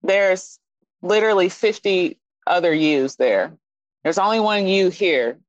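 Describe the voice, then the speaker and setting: A lively fashion designer guest from Kansas City, Missouri, chats expressively in a casual interview with a Midwestern American accent. She speaks a little slowly and jumps up in pitch for emphasis, on a dry, lo-fi recording.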